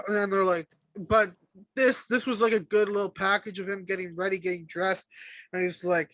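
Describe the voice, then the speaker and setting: Young male co-host, bright forceful delivery, excitable fan chat full of swearing. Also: sits high, brisk, no echo. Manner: excited, swears often, acts out quotes. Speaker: podcast co-host. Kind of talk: casual wrestling chat.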